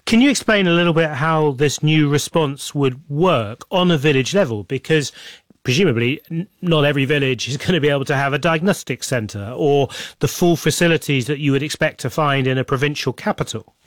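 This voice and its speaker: A male broadcast interviewer asking measured, polite questions. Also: a little high, no echo.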